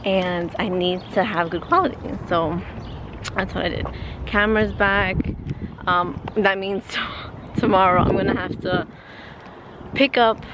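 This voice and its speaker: A woman chatting to her camera in a casual daily vlog, talkative and expressive, tossing in Spanish words, first at home and then on a city street. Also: medium pitch, measured pace, background noise. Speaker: family vlogger. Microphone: handheld vlog camera.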